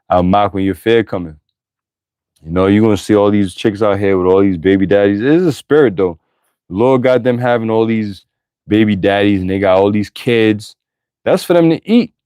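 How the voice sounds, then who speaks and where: A man with a low voice teaching from the Bible, reading verses aloud and then breaking into crude, forceful street-style commentary. The recording is dry and close, with no room sound around him. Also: smooth, dry recording. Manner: profane, blunt and emphatic, with bursts of laughter.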